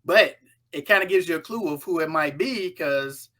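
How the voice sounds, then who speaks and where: A woman casually recapping a horror film in an animated way, acting out the characters' lines as she goes. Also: low-pitched, normal speed.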